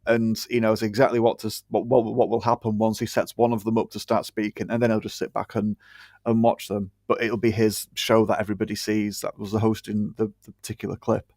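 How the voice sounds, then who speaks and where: A man's voice: on the low side, flat delivery, brisk, darkish tone, dry recording, studio quality. A British man co-hosting a casual podcast chat, ranting bluntly and swearing freely.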